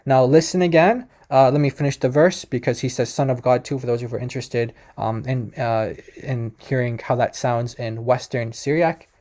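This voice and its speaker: A man hosts a casual explanatory video, talking straight to his viewers. His voice sits warm and mellow, and he hesitates a lot, filling gaps and repeating himself as he goes. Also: mid-range voice, normal speed, hardly any pauses. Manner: hesitant, many fillers and restarts; addresses viewers directly. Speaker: video host explaining a language.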